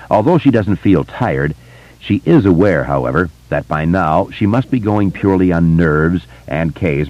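A man narrating a novel in a steady, measured reading voice. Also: deep voice, dry recording. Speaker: audiobook narrator. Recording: dull, dry lo-fi recording.

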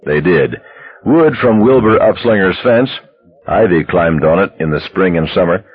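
A man narrating an audiobook in a steady, measured storytelling manner, on a dull lo-fi recording. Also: sits low, slightly rough.

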